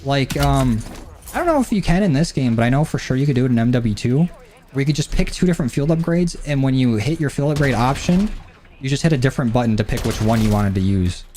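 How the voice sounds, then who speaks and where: A man's voice: mid-range voice, lively intonation, quick pace, mellow. A man streaming a shooter game, thinking aloud in casual commentary, rambling and swearing freely from his home desk mic. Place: home gaming setup. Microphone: desk mic through a mixer. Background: faint game gunfire.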